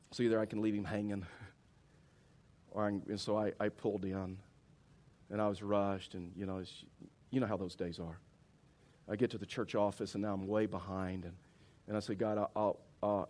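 A middle-aged man, a pastor preaching a sermon as a lively storyteller who acts out his own reactions. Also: mid-range voice. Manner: animated storyteller, acts out his own outbursts, many restarts.

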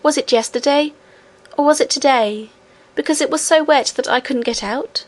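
A woman voicing a curious, eager little girl princess in a storybook, asking quick questions in a raised voice. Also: sits high, voice pushed up, natural voice.

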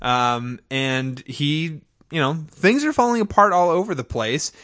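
A man's voice: a little high, measured pace, no echo, clean studio sound. A man co-hosting a podcast, chatting casually and acting out lines with laughs. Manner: animated, acts out characters' lines with laughs. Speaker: podcast co-host. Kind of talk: casual chat recapping a TV episode.

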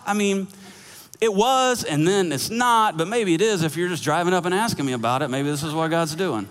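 A man preaching a sermon as pastor, telling a story with animated acted-out dialogue and laughter. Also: high voice, measured pace, pauses often, slight background noise. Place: church sanctuary. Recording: long hall reverb.

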